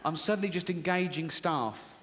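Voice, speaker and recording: A man's voice: a little high, normal speed, fairly bright tone, slight background noise. A middle-aged man from England telling a stand-up story, acting out voices in his head and laughing at his own jokes. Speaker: stand-up comedian. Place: large stand-up venue. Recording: reverberant stage recording.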